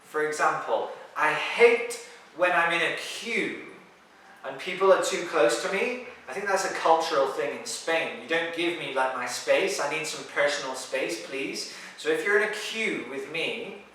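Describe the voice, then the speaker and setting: A man teaching English pronunciation, saying each word slowly and clearly as a model for learners. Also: fairly high pitch, a bit bright, slight background noise. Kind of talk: pronunciation lesson. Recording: very echoey room, mic at a distance.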